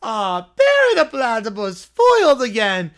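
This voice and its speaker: A man's voice: extremely high pitch, wildly swooping pitch, a little slow, a bit bright, exaggerated voice. A man voicing a bumbling, theatrical middle-aged evil scientist who rambles and stammers. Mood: rambling.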